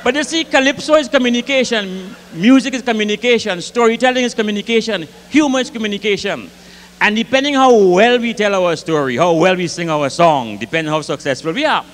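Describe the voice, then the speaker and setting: A Grenadian man doing comic storytelling onstage at a live concert, lively and rich in dialect, acting out the voices in his tales. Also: sits high, a little hiss or hum. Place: concert hall with audience. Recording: live concert hall reverb, faint ambience.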